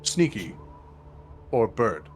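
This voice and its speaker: A man voicing a cautious, gentle male troll chieftain who talks in short broken phrases in a tabletop game. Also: lowish voice, very animated, exaggerated voice. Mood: halting. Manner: halting broken speech, a few words at a time. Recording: background music.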